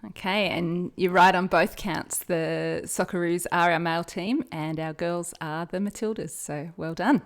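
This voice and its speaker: A woman's voice: lowish voice, steady tone, unhurried, hardly any pauses. A woman with an Australian accent, guest-hosting a trivia podcast, chatting and reading questions with frequent laughs. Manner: friendly, laughs often. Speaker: guest quiz host.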